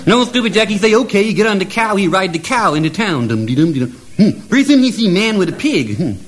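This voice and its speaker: A playful male storyteller spinning a silly fairy tale in deliberately broken grammar. His voice sits a bit high and swoops animatedly, with frequent chuckles. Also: sing-song. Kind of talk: comic oral storytelling.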